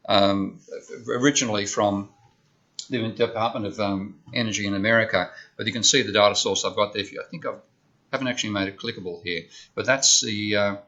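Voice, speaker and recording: Talking a little fast in a lowish, fairly even, slightly bright voice, a man delivers a university economics lecture. He explains step by step in a conversational style, checking in with "okay?", and the lecture recording sounds dull and lo-fi.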